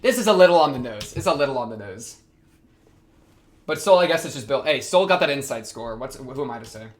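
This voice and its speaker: Excitable young man reacting, lively pitch. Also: fairly quick, slight background noise. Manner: rambling, slangy, excitable outbursts. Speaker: anime reaction host. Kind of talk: casual reaction commentary.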